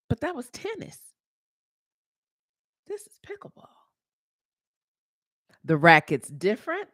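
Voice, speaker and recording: Lively, low-voiced woman sharing a story. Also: no room sound, clean studio sound. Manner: animated storytelling, voice jumps high when retelling her own thoughts. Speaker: podcast host. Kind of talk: casual motivational monologue.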